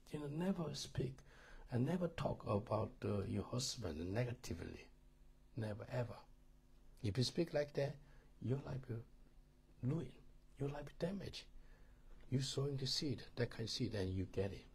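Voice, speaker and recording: A man's voice: medium pitch, lively intonation, normal speed, vocal fry, darkish tone, breathy edge. A middle-aged man with a Korean accent, a pastor teaching a marriage course in sermon style, emphatic and repetitive, often checking that listeners understand.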